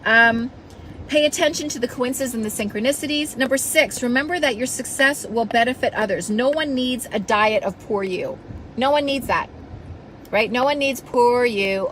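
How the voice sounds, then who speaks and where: A woman's voice: fairly high pitch, normal speed, fairly bright tone, slight background noise, low-quality recording. A woman coach giving a passionate, blunt motivational talk to her followers, scolding them now and then and swearing casually. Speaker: self-help coach.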